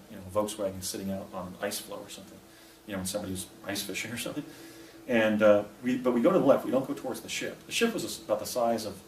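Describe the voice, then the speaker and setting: A middle-aged man from New Jersey giving an anecdotal presentation, rambling with restarts and asides. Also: fairly low pitch. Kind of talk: anecdotal public talk. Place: presentation room with a projector. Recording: echoey room, distant mic, faint noise.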